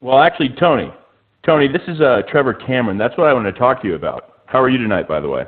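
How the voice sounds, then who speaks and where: A man calling into a radio show, making a hesitant, salesy pitch. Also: expressive, very fast. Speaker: caller. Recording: tinny phone line.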